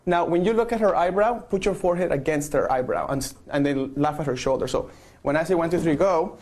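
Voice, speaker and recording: A man's voice: a little high, fairly quick, a little mellow. Playful man directing a photo shoot. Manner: playful, coaxing, repeats okay. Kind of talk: live-streamed instruction.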